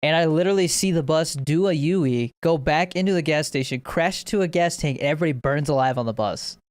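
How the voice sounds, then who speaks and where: A man's voice: on the high side, a little fast, no room sound. Rambling young guy, dry sound. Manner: rambling, laughs at his own stories. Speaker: podcast co-host. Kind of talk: casual chat.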